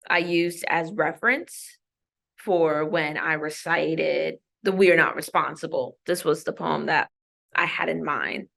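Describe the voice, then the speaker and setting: A woman from Maryland performing spoken-word poetry recitations as an invited guest, with a deliberate, emphatic delivery. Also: lowish voice, gravelly, bright, forceful tone.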